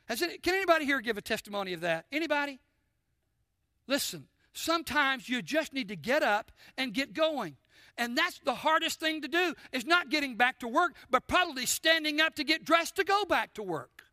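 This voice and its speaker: High, bright-voiced male preacher. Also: lively intonation, brisk, no echo, clean studio sound. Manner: addresses congregation with call-and-response questions; swings between loud emphasis and soft near-whispers. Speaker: pastor. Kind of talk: sermon. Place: church sanctuary.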